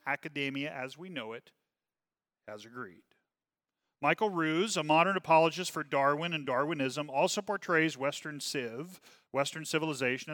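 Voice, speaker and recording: A man's voice: bright, forceful tone, no echo. A man teaching a religious class, reading from a text and breaking off to comment, often asking "okay?" and "right?", his volume rising and falling. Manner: volume rises and falls widely, dropping low on asides.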